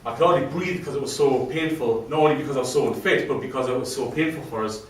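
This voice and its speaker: A man's voice: mid-range voice, fast talker, slight background noise. A man telling his own story to a live audience, chatty and self-deprecating. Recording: very echoey room from a distant mic, faint ambience.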